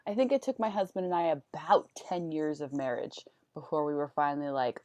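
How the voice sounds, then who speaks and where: Host: thirties woman, lowish voice, dry close sound, bubbly, supportive, filler-heavy chat. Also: animated, brisk, darkish tone, dry recording. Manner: bubbly and encouraging, many "like" fillers. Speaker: podcast host. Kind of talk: casual conversational interview.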